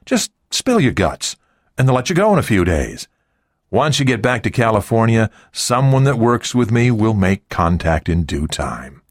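A man voicing a smug, self-assured male hijacker in an audiobook, smooth and cocky. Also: lowish voice, sing-song, normal speed, no echo, clean studio sound.

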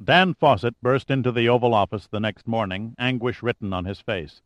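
A man giving an audiobook narration in a measured, steady reading style. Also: on the low side, no room sound.

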